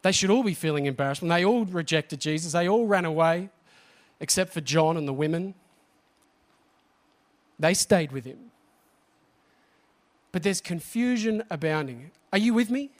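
A man preaching a sermon, animated and often asking the congregation questions. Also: a little high, moderate pace, pauses often.

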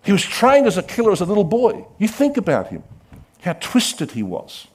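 A man's voice: sits high, huge pitch swings, moderate pace, husky. Impassioned male pastor preaching. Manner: dramatic, swings from loud calls to hushed asides; acts out quoted voices. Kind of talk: sermon.

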